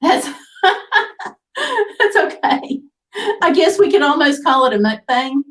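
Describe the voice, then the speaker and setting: A woman's voice: sits high, sing-song, slow, fairly bright tone. A woman hosting a casual livestream, reading viewer comments aloud in an easygoing, chatty way. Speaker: livestream host. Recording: voice picked up from a distance.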